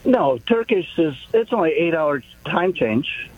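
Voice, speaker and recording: A male radio caller with a high, husky voice, joking in a quick, matter-of-fact way. He comes through a dry, dull, muffled phone line. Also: lively intonation, dry recording. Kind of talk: call-in talk radio.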